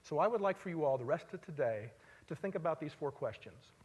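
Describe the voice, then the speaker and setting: A man giving a live stage talk, telling stories conversationally and swinging between loud emphasis and quiet asides. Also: a little high, lively intonation, a little fast, breathy edge. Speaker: speaker at a live talk event. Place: large hall, on stage before an audience. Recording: long hall reverb.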